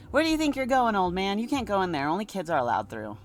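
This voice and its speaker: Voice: mid-range voice, huge pitch swings, fast talker, soft background music, pitched above the performer's own voice. A streamer voicing a bossy, mocking child guard who teases an adult and lists things in a sing-song way. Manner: teasing, sing-song listing.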